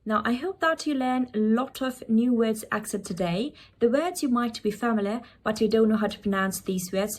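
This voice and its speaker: A woman teaching English pronunciation, modelling words one at a time and asking the listener to repeat after her. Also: medium pitch. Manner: repetitive drill, modelling words slowly. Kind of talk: pronunciation lesson.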